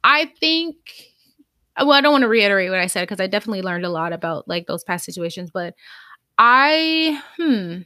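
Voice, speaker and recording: A young adult woman co-hosting a podcast in casual chat, reflective and soft-spoken, pausing to gather her thoughts. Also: medium pitch, animated, no room sound, studio quality. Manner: reflective and soft-spoken, pauses to think, gentle laughs. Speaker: podcast co-host.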